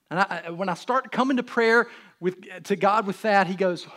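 Pastor, man, 30s; earnest, animated sermon delivery, slightly high voice. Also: a little slow. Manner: earnest, animated, addresses the congregation directly.

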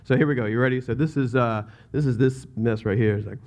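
A man's voice: mid-range voice, fast talker, hardly any pauses, a little mellow. A man with a Southern US accent preaching a sermon as pastor, in a casual, rambling way that keeps interrupting itself.

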